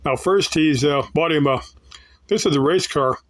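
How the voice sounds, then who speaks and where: A man's voice: a little high, moderate pace, fairly bright tone, low-quality recording. A man talking casually to his viewers in a rambling, folksy way, often restarting his sentences. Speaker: YouTuber answering viewers. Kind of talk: casual off-the-cuff talk.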